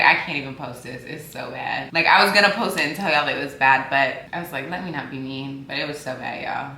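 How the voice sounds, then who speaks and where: Speaking in a low voice with a sharp tone, a tired vlogger chats casually and candidly to camera, sleepy but talkative. Her recording carries a roomy echo and faint background noise.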